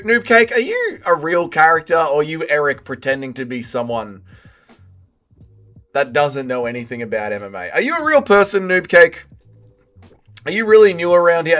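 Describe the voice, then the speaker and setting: Bright-voiced streamer chatting with viewers. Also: male voice, fairly high pitch, big pitch swings, normal speed, faint music behind. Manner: chummy, banters with viewers, swears freely. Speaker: livestream host. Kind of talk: casual chat, reading viewer chat aloud.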